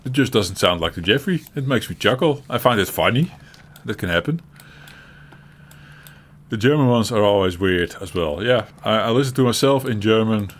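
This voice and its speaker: A man's voice: fairly low pitch, expressive, moderate pace. A man with a Dutch accent chatting casually as a show co-host, rambling and chuckling often, with many restarts and some swearing. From Netherlands. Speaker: co-host of a gaming chat show. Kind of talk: casual chat. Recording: audible typing and background noise.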